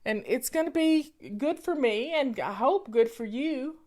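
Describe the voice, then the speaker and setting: A woman with a slightly high voice speaks slowly and earnestly to her viewers from home. She chats casually over a cup of tea and drives home her points by repeating them. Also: lively intonation, darkish tone. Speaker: vlogger. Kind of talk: casual talk to camera.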